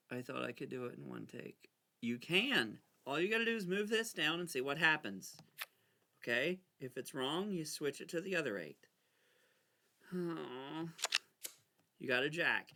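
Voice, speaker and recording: A man casually talking himself through a card game, anxious and excitable, arguing with himself as he plays. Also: on the high side, measured pace, vocal fry, long pauses. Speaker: gameplay video creator. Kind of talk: casual talk over a solitaire game.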